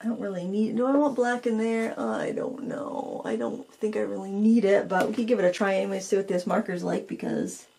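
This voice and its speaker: Woman, craft tutorial host, thinking aloud, frank and self-critical, gravelly, middle-aged. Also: mid-range voice, fairly quick, hardly any pauses, warm tone. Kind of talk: casual painting tutorial talk.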